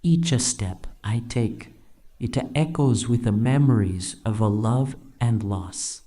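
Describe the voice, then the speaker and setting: A man's voice: fairly low pitch, takes it slowly, dark tone. An AI man's voice playing a wistful old Italian game character with an Italian accent, in a sing-song delivery that swoops up and down.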